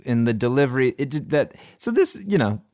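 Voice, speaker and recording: A man's voice: medium pitch, sing-song, fairly quick, darkish tone, no room sound, studio quality. A man, a musician guest, talking shop casually and thoughtfully, often restarting his sentences.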